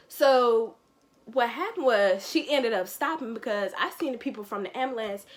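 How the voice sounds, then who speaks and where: A woman's voice: a little high, lively intonation, normal speed, slight background noise. A nineteen-year-old woman, telling a story on her vlog and acting out the quotes. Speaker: vlogger.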